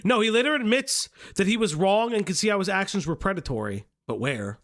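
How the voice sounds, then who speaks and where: A young man hosting a livestream, reacting with exasperated, profane commentary and shouting at his chat. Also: high voice, expressive, brisk. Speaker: stream host.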